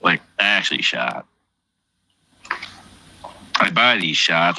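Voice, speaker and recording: Solo livestreamer, rambling and crude, fairly low voice with a bright, cutting edge. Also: male voice, animated, normal speed, a little hiss or hum, rough recording. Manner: rambling, heavy swearing, offhand. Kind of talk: casual late-night livestream chat while drinking.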